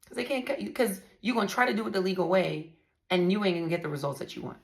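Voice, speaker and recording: A woman speaks in a low register with a gravelly fry running through her words. She tells her story straight to her viewers in a casual, profane way. She keeps stressing her points hard. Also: animated, fast talker. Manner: blunt, profane, emphatic storytelling. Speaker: vlogger telling her divorce story.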